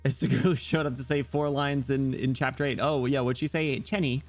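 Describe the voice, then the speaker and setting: A man's voice: medium pitch, fairly even intonation, fairly quick, soft background music. Playful British man streaming. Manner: rambling and playful, frequent throat clearing. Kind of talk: casual live-stream chat while reading game dialogue.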